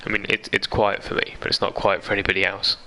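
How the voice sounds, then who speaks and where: A man's voice: on the low side, little pitch movement, fast, pushed and bright, rough recording. A young man streaming a game live, chatting casually, reading viewer comments aloud and laughing easily. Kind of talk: casual live-stream chat over gameplay. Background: game music.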